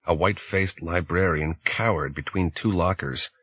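A man narrating an audiobook in a measured, deliberate way. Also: low voice, a bit bright, slightly rough.

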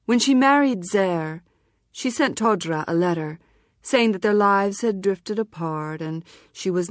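Woman narrator, low voice, dry close recording, calm measured audiobook read. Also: no echo.

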